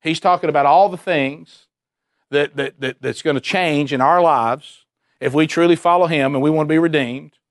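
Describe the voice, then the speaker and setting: Brief: male preacher, earnest and repetitive, slightly high voice, dry close sound. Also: moderate pace, no echo. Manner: earnest, repeats words, fires rhetorical questions. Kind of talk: sermon.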